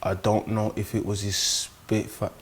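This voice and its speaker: A young man, a rapper guest in a casual interview, telling stories animatedly and jumping high in pitch when he quotes people. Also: level tone, unhurried, slight background noise.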